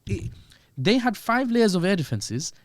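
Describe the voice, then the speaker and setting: A man talks through his analysis as a podcast guest, animated and full of jokes and asides. His voice sits on the high side for a man, and the recording is close and dry. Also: no room sound. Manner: animated, joking, quick asides. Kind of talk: podcast discussion.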